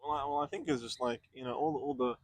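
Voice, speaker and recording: A man's voice: mid-range voice, steady tone, quick pace. A young man co-hosting a podcast, bantering in a playful, casual way. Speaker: podcast co-host. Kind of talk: casual chat.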